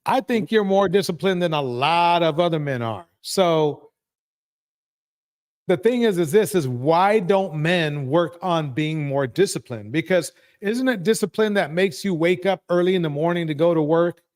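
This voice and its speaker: A man's voice: fairly high pitch, expressive, normal speed, a little mellow. A man hosting a live talk stream, asking his panel pointed questions. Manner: probing, asks pointed questions.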